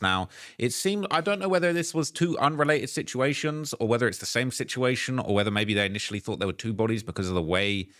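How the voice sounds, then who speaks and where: A man's voice: deep voice, fairly bright tone, dry recording, clean studio sound. A man narrating a commentary video, reading messages and news aloud, hesitant with restarts.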